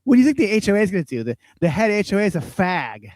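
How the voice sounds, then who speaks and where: Male comedy podcaster, higher-pitched, foul-mouthed ranting, dry studio sound. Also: big pitch swings, racing, a little mellow, no room sound. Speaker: podcast host. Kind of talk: profane comedic rant.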